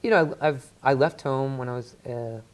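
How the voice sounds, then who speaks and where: A man's voice: medium pitch, normal speed. Joking man telling stories, rambling. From Washington, D.C. area, USA. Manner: joking, rambling, with filler words. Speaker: talk show guest, musician. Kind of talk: casual storytelling chat.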